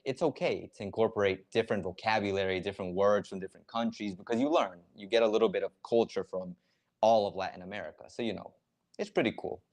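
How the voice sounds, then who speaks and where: Male stream host with a lowish voice, casual and explanatory, lots of fillers. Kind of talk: casual live reaction stream, explaining slang. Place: lives in Ecuador.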